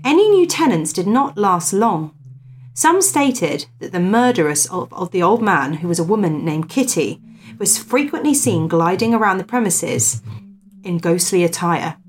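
A woman's voice: on the low side, very animated, moderate pace. A woman, co-hosting a casual podcast, reading old ghost stories aloud with dramatic emphasis and chatting between them. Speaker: podcast co-host.

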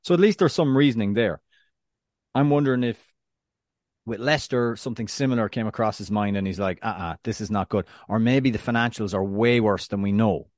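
A man co-hosting a casual football podcast, measured with wry asides. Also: fairly low pitch, darkish tone, no echo, clean studio sound. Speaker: podcast co-host.

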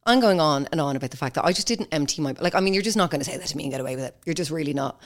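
A young woman hosting a podcast, telling a story in a blunt, sweary, animated way. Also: deep voice, rapid-fire. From Ireland. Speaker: podcast host. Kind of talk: casual monologue.

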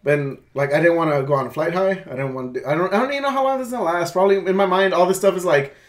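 A young man telling a long story in casual chat, halting and rambling, with many restarts and swearing. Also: high voice.

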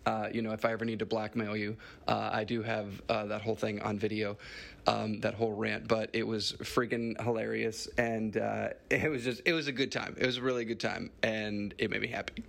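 A man's voice: on the low side, flat delivery, brisk, gravelly, a bit bright. A man, a musician, recalling favorite show memories in a casual, rambling recorded message full of fillers.

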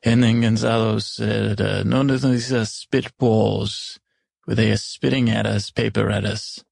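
A man voicing an older stepmother who was cruel in the past, recounting her adventures in a gravelly, husky voice. She rambles and stumbles, correcting herself mid-sentence in an improvised comedy. The sound is dry and close. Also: lowish voice, fairly even intonation, darkish tone, no echo, exaggerated voice. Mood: rambling. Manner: rambling, halting and self-correcting. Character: Agatha, older stepmother, once cruel, now remorseful. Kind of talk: improvised first-person storytelling.

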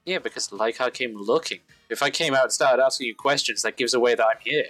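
A man's voice: mid-range voice, fast, fairly bright tone, no echo, soft background music, natural voice, poor audio. A man doing flippant, secretive Rosa. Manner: flippant, dismissive.

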